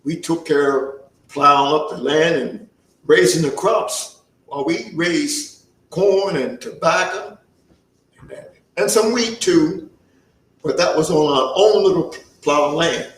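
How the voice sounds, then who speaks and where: A man telling a first-person historical story in character as an earnest young farmhand turned soldier, with a folksy dialect and an unhurried storytelling manner. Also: fairly high pitch, echoey room, recorded from a distance, rough recording. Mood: reminiscing.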